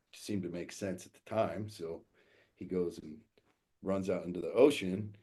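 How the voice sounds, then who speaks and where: Low raspy male coach, swears freely, tells it straight. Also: brisk. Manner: blunt, profane, animated storyteller. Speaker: guest, fathers' coach. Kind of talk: casual podcast storytelling.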